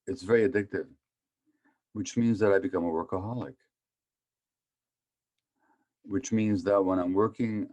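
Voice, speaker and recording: With a low, slightly mellow voice, a Hungarian doctor in his seventies delivers a conversational public talk on trauma. He engages listeners by asking them questions.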